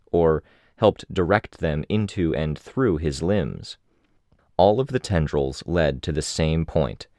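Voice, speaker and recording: A man narrating an audiobook in a measured, steady way. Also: a bass voice, no room sound, studio quality.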